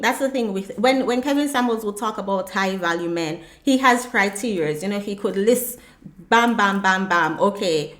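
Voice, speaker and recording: A woman hosting a reaction video, giving blunt, emphatic critical commentary. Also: mid-range voice.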